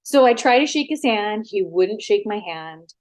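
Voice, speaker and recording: A woman, a former wrestler, talking frankly as an interview guest, animated and full of quoted back-and-forth, sitting at a house. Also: medium pitch, moderate pace. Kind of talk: casual storytelling interview.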